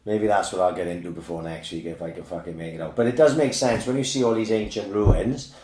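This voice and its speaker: A man's voice: fairly low pitch, fast, warm tone, reverberant. A British man co-hosting a podcast, talking in a laid-back, hesitant, sweary way. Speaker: podcast co-host. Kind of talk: casual banter.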